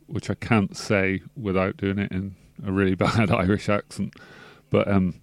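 A low, gravelly-voiced man, chatting loosely as a radio DJ and trailing off into ums and uhs. The sound is close and dry, with no room around it. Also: fairly even intonation, normal speed, hardly any pauses, no echo. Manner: rambling, laid-back, full of fillers. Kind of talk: casual radio sign-off chat. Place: radio studio.

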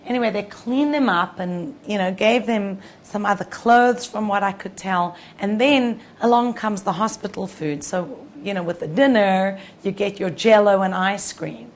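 A woman's voice: medium pitch, normal speed, hardly any pauses. A woman teaching Torah to a group, telling a personal story in a conversational way with frequent restarts.

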